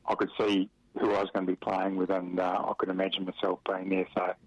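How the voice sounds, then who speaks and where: Speaking fast and in a monotone, this middle-aged man from Western Australia recounts his football days in a loose, relaxed interview, with many fillers and chuckles. His voice sits low and is slightly rough, and the radio recording is dry, dull and lo-fi.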